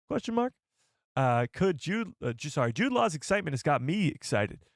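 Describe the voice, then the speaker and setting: A man hosting a casual live stream, excitable and rambling as he reads the chat. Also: on the high side, brisk, dry recording, clean studio sound.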